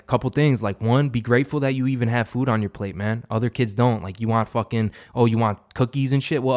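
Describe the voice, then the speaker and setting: A man's voice: mid-range voice, a little mellow. A young man giving an unscripted, profane motivational monologue as a vlogger, rambling with many fillers and restarts.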